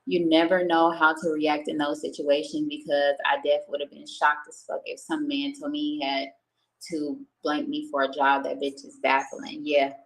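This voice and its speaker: A young female streamer with a deep voice talks at normal speed, her delivery completely flat. Chatting casually with viewers, she recounts a personal story candidly and emotionally, swearing freely. The home-setup recording is rough.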